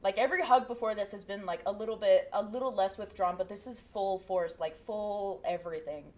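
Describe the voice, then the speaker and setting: A woman playing a tabletop game, animated and prone to shrieks and laughter. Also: medium pitch, brisk. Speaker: player. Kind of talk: excited tabletop game play.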